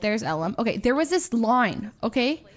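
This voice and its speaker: Woman, streamer, casual storytelling, rambling, fillers, fairly high voice. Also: very animated, normal speed. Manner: chatty, rambling with many fillers and restarts. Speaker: streamer reacting to her own vlog.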